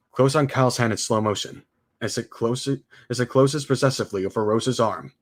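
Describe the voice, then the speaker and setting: A man streaming a casual script read-through, excitable and exclaiming at his own slips. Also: medium pitch, normal speed. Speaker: streamer reading a film script aloud.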